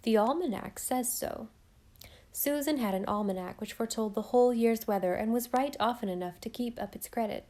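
A woman reading a novel aloud in calm, even storytelling narration. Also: a little high, quick pace, few pauses. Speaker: audiobook narrator. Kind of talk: scripted narration.

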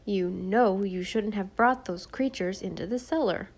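A woman voicing a stern, fussy older housekeeper in an audiobook, speaking in a deliberate, scolding way. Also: mid-range voice, creaky, darkish tone. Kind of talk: audiobook character voice.

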